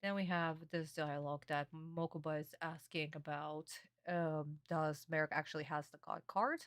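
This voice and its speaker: A young woman streamer in a casual reaction stream, excitable and gushing, swearing often. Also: low voice, normal speed, no echo, studio quality.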